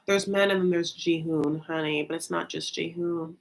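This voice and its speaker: A woman talking in a casual, gossipy recap vlog, chatty and animated, packing her talk with "like.". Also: lowish voice, gravelly. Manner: chatty, heavy use of "like", animated asides. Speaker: YouTube reality-TV recapper.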